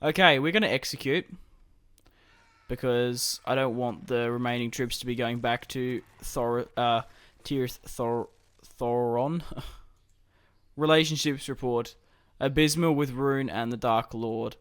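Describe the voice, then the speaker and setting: A man talks through his strategy game in a loose, think-aloud way, his voice smooth and clear. The sound is dry and close, with no room around it. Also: mid-range voice, a little slow, fairly bright tone, no echo. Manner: casual, thinking aloud while playing. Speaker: gaming YouTuber.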